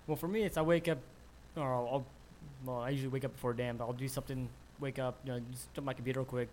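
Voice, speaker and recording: Quick-talking hesitant man, faint noise. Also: medium pitch, steady tone, a little mellow. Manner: hesitant, restarts. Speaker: podcast panelist. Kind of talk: casual gaming chat among friends.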